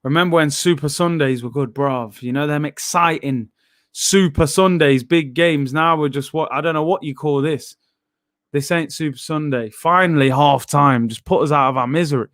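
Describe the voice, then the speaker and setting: A man's voice: fairly high pitch, normal speed, fairly bright tone, no room sound, clean studio sound. A man hosting a live football watchalong, chatting casually in slang and reading out chat messages.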